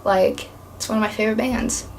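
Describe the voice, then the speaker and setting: A woman's voice: medium pitch, fairly even intonation, a little fast, creaky, a little hiss or hum. A young woman from East Tennessee telling a rambling, chatty story to camera, peppered with "like". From East Tennessee, USA. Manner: chatty, rambling, heavy use of "like". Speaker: vlogger.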